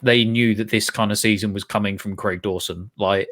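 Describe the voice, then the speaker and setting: A man co-hosting a casual football chat, animated and laughing often, restarting his sentences. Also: lowish voice, moderate pace. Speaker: football podcast co-host.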